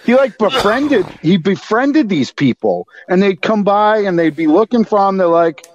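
A man's voice: sits high, very animated, normal speed, highs cut off. A man chatting casually on a podcast, laid-back and laughing, telling anecdotes. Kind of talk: casual profane chat.

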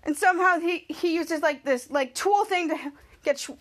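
A woman hosting a podcast, casually recapping a TV episode in a rambling way, often repeating herself and acting out the characters' lines excitedly. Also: extremely high pitch, moderate pace. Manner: rambling, repeats "cut to" and "somehow". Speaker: podcast host.

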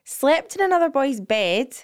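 A woman's voice: high-pitched, very animated, unhurried. A woman co-hosting a podcast, blunt and opinionated, swearing freely in casual chat. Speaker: podcast co-host.

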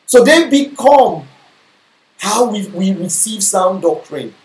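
A man's voice: sits high, big pitch swings, slow, darkish tone. Man preaching in an echoey hall. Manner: preaching with call-and-response questions to the congregation. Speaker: pastor. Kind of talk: sermon. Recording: echoey room.

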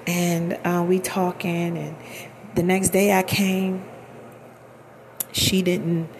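A woman in her thirties speaks low, with a gravelly fry running through her words. She tells her own story candidly and emphatically, in loose everyday speech, with a faint hiss behind her. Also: level tone, slow. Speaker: vlogger. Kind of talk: personal storytelling.

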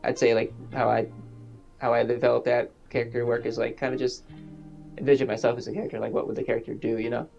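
A man who is a guest actor, talking quickly with many fillers. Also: mid-range voice, flat delivery, creaky, a little mellow. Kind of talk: casual interview talk. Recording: dull lo-fi mic with faint music.

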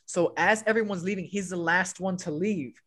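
A man's voice: sits high, normal speed. A young man on a podcast with old school friends, telling a story in casual chat, swearing freely and acting out what other people said. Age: young adult. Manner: animated, swearing, acts out other people's lines. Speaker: podcast co-host.

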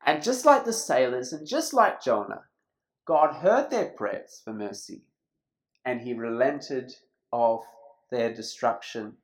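A preacher delivering a sermon in a church, emphatic and slowing down on key phrases. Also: mid-range voice, poor audio.

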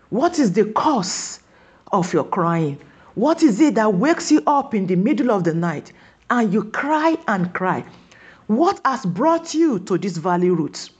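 A woman preaches a sermon, pressing her listeners with repeated questions and slowing on key words for emphasis. Her voice is mid-range and husky, and the recording sounds muffled.

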